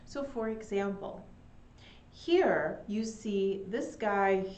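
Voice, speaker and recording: A young woman teaching an English lesson online, speaking slowly and brightly and adding Spanish glosses for her learners. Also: medium pitch, slight background noise. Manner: slow and animated, with Spanish glosses. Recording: echoey room.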